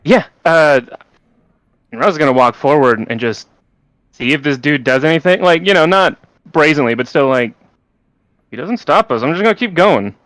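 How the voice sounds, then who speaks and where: A man's voice: a little high, animated, normal speed, long pauses, fairly bright tone, dry recording, rough recording. A man playing in a tabletop game, joking and wry in casual talk. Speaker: player.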